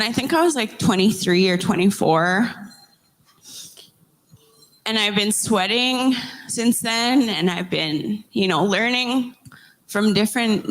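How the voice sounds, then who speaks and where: A young adult woman hosting a podcast, sharing a heartfelt personal story in an earnest, emotional way, halting and restarting as she speaks. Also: mid-range voice. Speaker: podcast host interviewing survivors.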